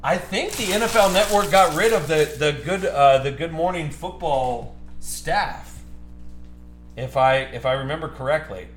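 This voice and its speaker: A man hosting a live card break stream, ranting heatedly about sports media between card calls. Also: a little high. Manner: ranting, heated, fast-shifting. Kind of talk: live stream chat while opening cards. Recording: echoey room with music behind.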